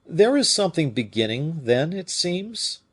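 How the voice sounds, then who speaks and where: Brief: male reader playing a proud, tired musketeer in a storybook, husky, pitched up and animated. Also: measured pace, exaggerated voice. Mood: curious. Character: proud weary musketeer, middle-aged man.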